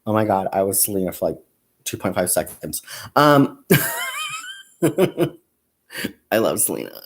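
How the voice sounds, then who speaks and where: A young man rambles through a crafting livestream as he crochets, his pitch swinging up and down in a lively way at a measured pace. He laughs often, counts stitches aloud, and talks to viewers as "you guys" and "y'all."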